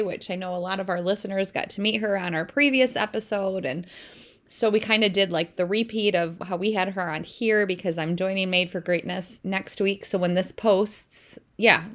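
A woman in her thirties co-hosts a relaxed podcast about faith. She talks in a chatty, animated way, moving easily from everyday stories to heartfelt reflection. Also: medium pitch. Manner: chatty storyteller, warm and animated. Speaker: podcast co-host. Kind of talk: casual faith chat.

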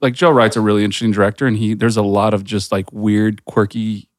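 A man's voice: fairly low pitch, level tone, quick pace. A man hosting a pop culture podcast, chatting casually with loose, profane phrasing and plenty of fillers. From United States. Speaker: podcast host.

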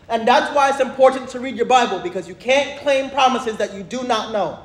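A man with a very high voice leads a Bible study like a sermon, excitable and emphatic, lingering over each verse. His voice rings out with a roomy echo around it. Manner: excitable, emphatic, slows down for scripture. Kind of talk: sermon-style Bible teaching.

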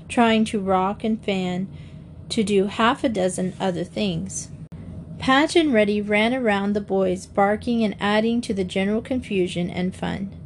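A woman reads a children's mystery aloud in a slow, measured storytelling way. Her voice sits in a middle pitch, and faint noise hums behind the reading. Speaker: audiobook narrator. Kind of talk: scripted narration of a children's mystery.

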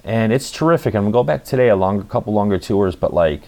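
A man's voice: fairly low pitch, expressive, fast talker, dark tone. A young man telling a story in a casual, rambling monologue, swearing often and filling gaps with "like" and "you know.". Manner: rambling, profane, full of fillers.

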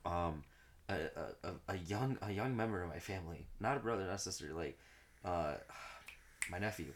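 A man telling a long, crude story to friends in a casual chat, animated and swearing, often laughing through his punchlines. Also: low voice, normal speed.

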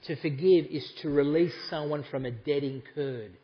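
Pastor preaching in a reverberant church. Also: male voice, a little high, moderate pace, few pauses, highs cut off. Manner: conversational, with asides to the congregation. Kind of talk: sermon. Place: church hall.

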